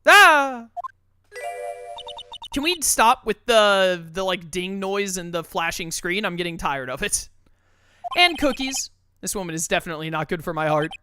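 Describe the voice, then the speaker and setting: A woman's voice: fairly low pitch, lively intonation, moderate pace, fairly bright tone. A woman streaming a game playthrough, joking through the commentary and reading the characters aloud. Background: game music.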